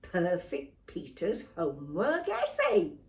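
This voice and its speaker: An older woman reading a children's story aloud, expressive and unhurried. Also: fairly low pitch, roomy sound, distant mic. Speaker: storybook reader.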